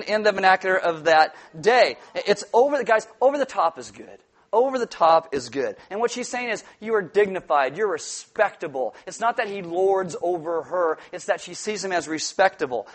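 A middle-aged man preaching a sermon, animated and joking, acting out the quoted voices. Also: sits high. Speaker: pastor.

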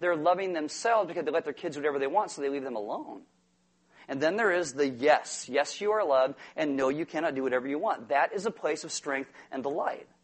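Male pastor, high voice, animated sermon delivery with acted-out quotes. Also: fairly quick. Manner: animated, acts out quotes and toddlers with big swings in volume.

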